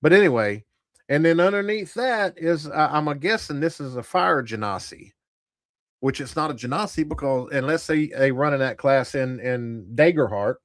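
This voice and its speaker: Blunt, animated male streamer. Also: a little high, moderate pace, no echo, clean studio sound. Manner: blunt, profane and rambling. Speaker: tabletop gaming channel host. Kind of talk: casual livestream commentary.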